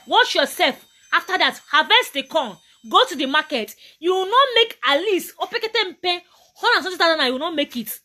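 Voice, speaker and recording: A Nigerian woman lectures her viewers in a motivational talk, preachy and emphatic, repeating herself for weight. Her voice sits high and swings widely in pitch. The tone is bright and forceful. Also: expressive, a little fast. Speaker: motivational vlogger.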